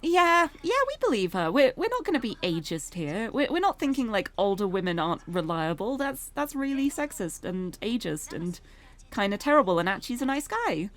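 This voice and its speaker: A woman's voice: medium pitch, very animated, moderate pace, fairly bright tone. A British woman streamer reading a visual novel aloud, chatty and laughing often.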